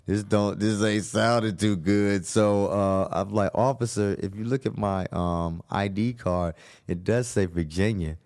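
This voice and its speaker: A man telling a wild personal story in an animated way, acting out the voices of the people in it, swearing and laughing often. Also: fairly low pitch, unhurried. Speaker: guest telling his story.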